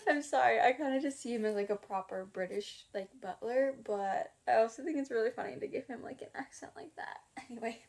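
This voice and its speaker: A woman's voice: fairly high pitch, lively intonation, a little fast, creaky, darkish tone. A woman reading a children's book aloud in a casual way, now and then stopping to chuckle and comment. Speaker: audiobook reader. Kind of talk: amateur audiobook reading.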